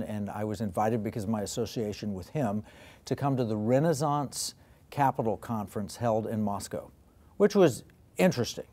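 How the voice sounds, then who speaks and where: A man's voice: medium pitch, a little mellow. A man hosting an interview, telling a story in a conversational way. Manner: anecdotal, conversational. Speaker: host.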